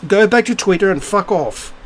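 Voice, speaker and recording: A man with a somewhat high voice rants to camera in a profane, sarcastic and indignant way. He keeps tossing out rhetorical questions and "um"s between jabs. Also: expressive, normal speed, a little hiss or hum. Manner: rhetorical asides and frequent fillers. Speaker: video creator. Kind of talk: ranting monologue to camera.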